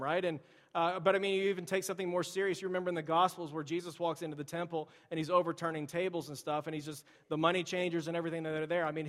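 Male pastor, 30s, conversational sermon delivery, slightly high voice, large reverberant church. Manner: conversational, storytelling, addresses the congregation directly. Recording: long reverb of a large hall.

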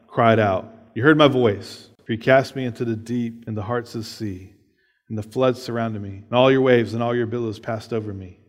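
A man's voice: medium pitch, big-room sound. A man preaching a sermon, reading scripture aloud and explaining it in a casual way, often checking in with "right?". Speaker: pastor.

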